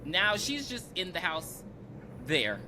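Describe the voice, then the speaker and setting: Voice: mid-range voice, slow, background noise. A podcast co-host casually recapping a film, acting out the characters' lines and swearing freely. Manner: animated, acts out characters' lines; swears freely, calls listeners baby. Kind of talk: casual movie recap chat.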